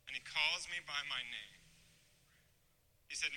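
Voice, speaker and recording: Bright, high-voiced man telling a testimony. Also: expressive, measured pace, pauses often, low-quality recording. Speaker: speaker giving a testimony. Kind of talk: emotional storytelling testimony.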